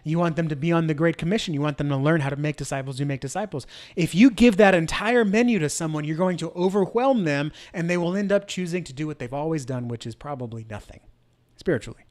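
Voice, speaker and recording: A man's voice: fairly high pitch, fast, a little mellow. A middle-aged man hosting a church marketing show, talking energetically to camera with many rhetorical questions. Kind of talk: instructional talk to camera.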